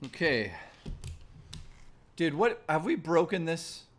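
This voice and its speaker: A man's voice: on the high side, big pitch swings, slow, noisy background. A man live-streaming in casual chat, joking around and swearing freely.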